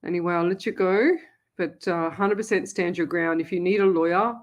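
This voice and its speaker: A woman's voice: fairly low pitch, fairly even intonation, brisk, highs cut off. A woman hosting a live psychic radio show, chatting casually and reading viewers' comments aloud. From Australia. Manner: eats while talking. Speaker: psychic medium radio host.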